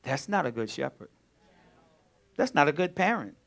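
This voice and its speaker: Emphatic male preacher, lively pitch. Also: normal speed, vocal fry. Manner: emphatic preacher, swings from quiet to loud. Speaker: pastor. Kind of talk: preaching a sermon.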